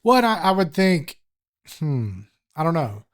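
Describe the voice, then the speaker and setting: A man's voice: fairly high pitch, sing-song, a little slow. A man hosting a podcast, asking questions in a casual, hesitant way and repeating words as he thinks aloud. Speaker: podcast host. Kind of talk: casual interview chat.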